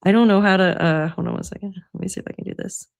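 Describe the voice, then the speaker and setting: A woman's voice: medium pitch, very fast, gravelly. A woman hosting a casual livestream from home, chatty and laughing often, swearing freely. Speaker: livestream host. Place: at home by her computer.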